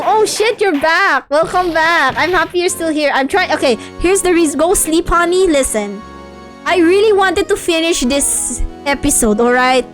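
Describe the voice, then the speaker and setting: A young woman streamer, chatty and playful, with a high voice and a loose, casual way of talking. Faint game music plays behind her. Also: lively intonation, moderate pace.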